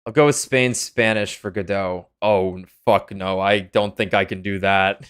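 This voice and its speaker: A man's voice: deep voice, fairly even intonation, measured pace, a bit bright, smooth. A young man streaming a courtroom game, chatting casually, joking and swearing with friends. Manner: rambling, joking, swears freely. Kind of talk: casual game let's-play commentary.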